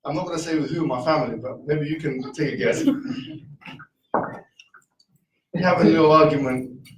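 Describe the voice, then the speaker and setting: A man giving a casual, argumentative talk to a live audience, full of rhetorical questions and quick asides. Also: fairly high pitch, lively intonation, reverberant, distant mic, slight background noise, rough recording. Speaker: speaker.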